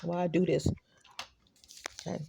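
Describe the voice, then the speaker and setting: A woman with a Texan accent rambling excitedly to her viewers in a casual phone vlog, often calling them y'all. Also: on the low side, measured pace, vocal fry, a little hiss or hum. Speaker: vlogger. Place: apartment and stairwell, indoors. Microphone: phone camera held close.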